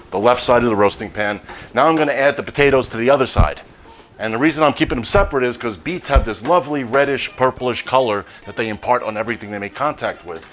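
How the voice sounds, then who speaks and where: A man hosting a home cooking demonstration, talking through each step in a relaxed, jokey way with the odd pun. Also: medium pitch. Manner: relaxed, jokey, cracks puns. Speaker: cooking show host.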